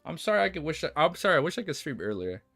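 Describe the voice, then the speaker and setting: Bright-voiced young man chatting on stream. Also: fairly high pitch, very animated, very fast. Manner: rambling, swears a lot, restarts and self-corrects. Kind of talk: casual livestream chat. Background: faint music.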